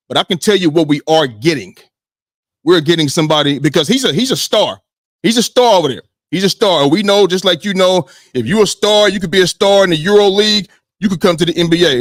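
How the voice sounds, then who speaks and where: A man hosting a sports podcast in casual, animated talk, swearing freely and often checking in with "you know what I mean". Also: a little high, no room sound, clean studio sound.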